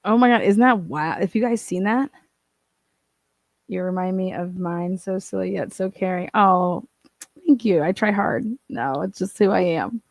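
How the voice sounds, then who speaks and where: A woman's voice: fairly low pitch, normal speed, creaky, no room sound. A woman hosting a casual livestream, chatting and reading out viewer comments, swearing and laughing often. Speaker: livestream host reading chat.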